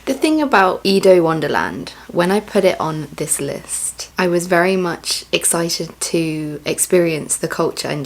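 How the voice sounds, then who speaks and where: A young woman vlogger chatting casually and musing to herself as she reacts. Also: on the low side. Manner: chatty, musing, self-reflective.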